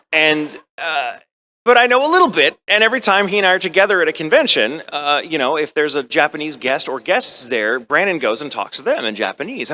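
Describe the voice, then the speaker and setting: An American man telling a comic story at a convention panel, acting out the voices of the people in it. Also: medium pitch. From United States. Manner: animated, comic, acts out voices. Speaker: convention guest actor.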